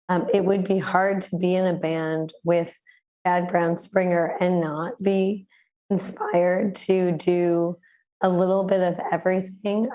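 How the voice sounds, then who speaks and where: A woman with a lowish voice hosts a community radio interview over a video call, sounding hoarse, raspy and smoky from the flu. She chats in a relaxed way, using many fillers.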